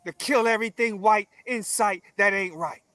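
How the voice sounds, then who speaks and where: A man speaking as an interview guest in a forceful, emphatic, preaching way, full of repetition and blunt profanity. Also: high-pitched, moderate pace, no room sound. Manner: forceful, emphatic, preaching cadence with repeated phrases. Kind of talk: confrontational conversational interview.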